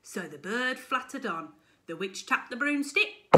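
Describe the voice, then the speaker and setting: A woman primary school teacher reading a picture book aloud to children in a remote lesson, with an animated, expressive delivery. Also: medium pitch, measured pace, noisy background. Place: home-recorded remote lesson video.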